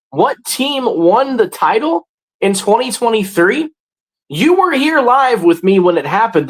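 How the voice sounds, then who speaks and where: A man in his forties hosting a casual livestream, greeting viewers and chatting about sports, often jumping into loud, high bursts. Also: rough recording. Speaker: livestream host.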